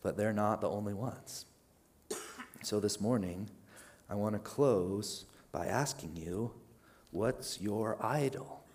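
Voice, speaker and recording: Young male pastor, slightly low voice, conversational sermon delivery with animated peaks and hushed drops. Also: slow. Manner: conversational, animated, drops to a hush at key points.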